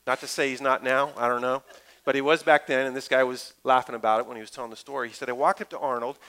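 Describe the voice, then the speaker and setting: A middle-aged man, a pastor, preaching a lively, conversational sermon full of asides and stories. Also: mid-range voice, fast, poor audio.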